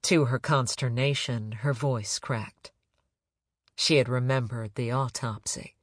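A man reading a crime novel aloud in measured, even narration. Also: medium pitch, no echo, studio quality. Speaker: audiobook narrator.

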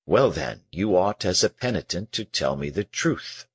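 A man voicing a probing, insistent male confessor in an audiobook, pressing with questions in a husky voice. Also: low-pitched, lively intonation, moderate pace, dry recording, full character voice. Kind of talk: audiobook character reading.

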